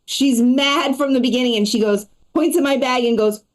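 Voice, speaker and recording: Here a high-pitched woman runs through a comedy set as host of a live show, her delivery rapid, chatty, and full of side remarks.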